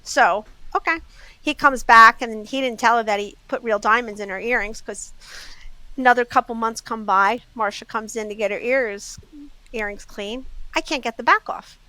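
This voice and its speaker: Woman with a Southern US accent, bright, crisp and close-miked, telling anecdotes on a podcast. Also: on the high side, moderate pace, dry recording, rough recording. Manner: lively anecdotes, acts out customers' quotes. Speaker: jewelry store owner, guest. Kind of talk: casual storytelling.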